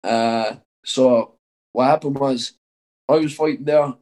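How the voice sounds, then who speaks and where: A man's voice: medium pitch, takes it slowly, a little mellow, low-quality recording. A young Irish man, a professional boxer, telling a long story in an interview, rambling with lots of "like" and frequent swearing.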